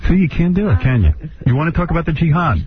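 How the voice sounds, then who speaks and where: A man's voice: a little high, very animated, fast, a loud crowd. A man hosting a radio show, teasing his caller in a mock-seductive way. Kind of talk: radio banter. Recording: tinny broadcast sound with hiss.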